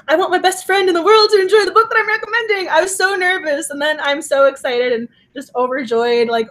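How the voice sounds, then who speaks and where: A woman's voice: sits high, fairly bright tone. A woman co-hosting a book club livestream, giggly and effusive, rambling with restarts as she chats. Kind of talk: casual chat.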